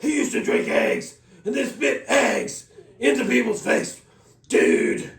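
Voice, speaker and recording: A man putting on a loud, pumped-up wrestler impression, shouting catchphrases and calling everyone brother, in a roomy off-mic recording. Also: very high voice, slow, creaky, far from the mic, pitched above the performer's own voice, full character voice.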